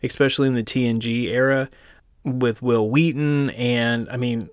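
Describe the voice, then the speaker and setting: A male podcast host from the United States talks casually and rambles through his points, joking about himself and leaning on fillers. His pitch sits in the middle range. The recording is dry and close, with no room sound. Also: fairly even intonation, moderate pace, clean tone, no room sound.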